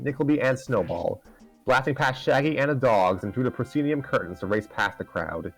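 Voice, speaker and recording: A man's voice: medium pitch, animated, a little fast, gravelly, soft background music, rough recording. A man hosting and reading a story aloud live, narrating conversationally with self-corrections. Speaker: story reader and host.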